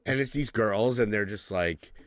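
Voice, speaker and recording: A man's voice: on the low side, moderate pace, dry recording. A man in his forties co-hosting a podcast, telling stories in casual chat, swearing freely and laughing often. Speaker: podcast co-host.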